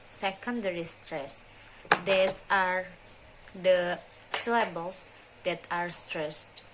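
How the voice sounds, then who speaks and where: A young woman, a student, presenting a phonology lesson in slow, halting, deliberate speech. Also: on the low side, a little hiss or hum, rough recording. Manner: deliberate, halting delivery with restarts and mispronounced terms. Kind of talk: slow, careful lesson reading.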